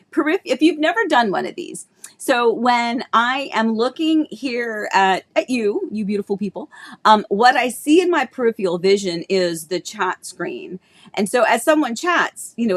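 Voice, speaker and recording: Chatty woman real estate host with a throaty cough. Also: on the high side. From Florida, United States. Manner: bubbly, chatty, greets viewers by name. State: tickle in her throat, coughing. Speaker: real estate agent hosting a live stream. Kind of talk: casual live-stream chat.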